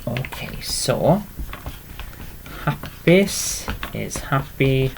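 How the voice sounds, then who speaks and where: A man's voice: mid-range voice, lively intonation, very slow, gravelly, slight background noise. A man teaching a beginner language lesson, patient and encouraging, often checking in with "okay?". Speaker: Welsh language tutor.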